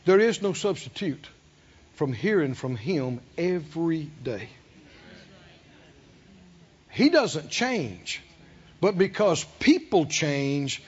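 A man preaching a sermon with energy. He throws questions to the congregation and acts out the quoted voices with big swings in loudness. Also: sits high, husky, dull audio. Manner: animated preaching with call-and-response questions to the congregation. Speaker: pastor.

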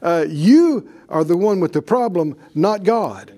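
A man's voice: high-pitched, animated, measured pace, warm tone. A man preaching a sermon, leading the congregation in call-and-response.

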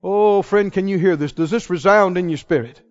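Impassioned high-voiced preacher, echoing hall. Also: male voice, normal speed. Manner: impassioned, rhetorical questions, sudden swings from hushed to loud. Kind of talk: sermon. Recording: reverberant hall, muffled sound.

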